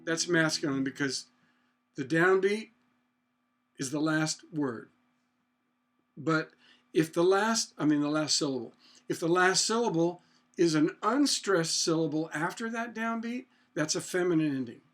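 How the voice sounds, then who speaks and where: A man's voice: on the high side, measured pace, a bit bright. A man giving a casual songwriting lesson, thinking aloud and humming bits of melody as he works out chords. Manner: thinks aloud, hums and sings snippets. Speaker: songwriting teacher. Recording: guitar playing behind the voice.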